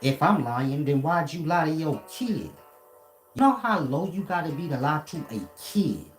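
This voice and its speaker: A man's voice: a little high, expressive, a little slow, faint music behind. Combative man ranting in a roomy space. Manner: confrontational, profane, lecturing. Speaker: commentator. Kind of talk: casual monologue rant. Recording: roomy echo.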